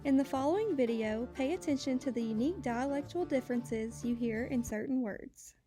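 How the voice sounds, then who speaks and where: A woman narrating a scripted class presentation, reading steadily and slowing down for example words. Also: high voice, over music. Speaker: student presenter.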